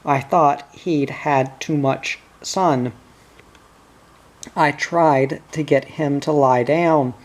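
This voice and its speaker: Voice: medium pitch, steady tone, extremely slow. A reader voicing a troubled country wife. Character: worried middle-aged country wife.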